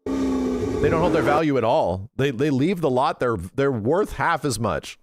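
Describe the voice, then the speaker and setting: Excitable cursing male streamer. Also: mid-range voice, a little slow, very noisy. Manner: excitable, profane, retells talks in quoted voices. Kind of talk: casual livestream chat.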